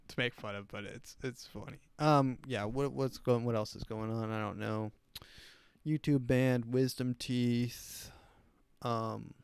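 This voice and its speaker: A male podcast host rambling through a casual comedic monologue, crude and amused at his own jokes. He speaks very slowly, in a smooth, clean voice of middling pitch. The sound is close and dry. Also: dry recording.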